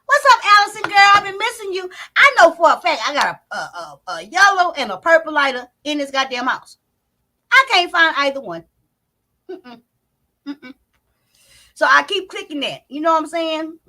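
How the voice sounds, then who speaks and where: Loud, profane woman streaming live. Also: high-pitched, normal speed. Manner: loud, profane, animated, talks straight to chat. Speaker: commentary channel host. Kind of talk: live-stream commentary chat. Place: home, indoors. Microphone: not on camera, live stream mic.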